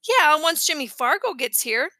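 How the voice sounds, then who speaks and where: A woman's voice: high voice, big pitch swings, moderate pace, pushed and bright, no room sound, exaggerated voice. A woman reading aloud, voicing a sulky, sarcastic preteen older brother in a storybook. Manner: sarcastic, grumbling.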